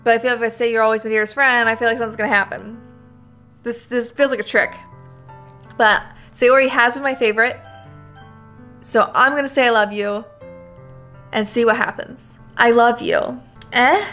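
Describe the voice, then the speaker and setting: A woman's voice: a little high, steady tone, brisk, pauses often, sharp tone, faint music behind. A young woman hosting a let's-play, blunt and reactive, swearing and talking straight to her viewers. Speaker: gaming video host.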